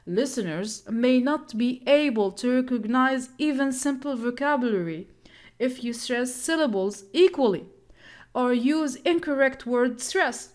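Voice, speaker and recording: A woman's voice: high voice, a little mellow. A woman teaching an English pronunciation lesson, explaining and demonstrating word stress step by step.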